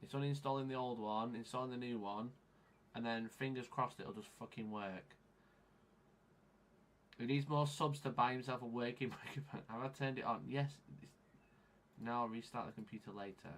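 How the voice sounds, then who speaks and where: A man's voice: medium pitch, brisk, a bit bright. Frantic, swearing man. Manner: frantic, swearing, muttering to himself. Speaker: live streamer. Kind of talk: livestream chat. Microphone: onboard camera microphone.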